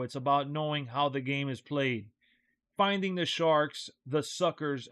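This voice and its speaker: A man's voice: fairly high pitch, fairly bright tone, dry recording. A man reading out a game's dialogue as a tough, hard-boiled male hero, in clipped lines. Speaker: streamer reading game dialogue aloud. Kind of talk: reading game text aloud in character.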